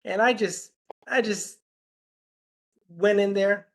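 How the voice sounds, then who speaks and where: Chatty man telling a story, higher voice. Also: takes it slowly, creaky, long pauses. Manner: rambling anecdotes, quoting conversations with "I'm like". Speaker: healer and podcast guest. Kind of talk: casual storytelling in an interview.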